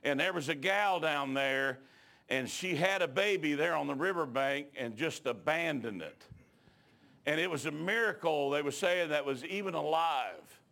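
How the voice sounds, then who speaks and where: A high-pitched middle-aged man with a drawl delivers a sermon. He tells the story in a plain, folksy way, then climbs into loud, shouted exhortation. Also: moderate pace, vocal fry. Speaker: preacher.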